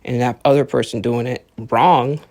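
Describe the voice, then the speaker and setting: Man, podcast host, gravelly voice, dry close sound, rambling and cursing. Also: medium pitch, steady tone, moderate pace, darkish tone, no room sound. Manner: rambling, profane, acts out quoted voices. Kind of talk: casual solo podcast monologue.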